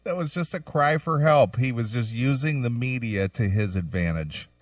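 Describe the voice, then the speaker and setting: A man's voice: medium pitch, animated, moderate pace, no room sound, recorded from a distance. A man hosting a comedy talk show, joking wryly with his co-hosts. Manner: wry, joking. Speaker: host.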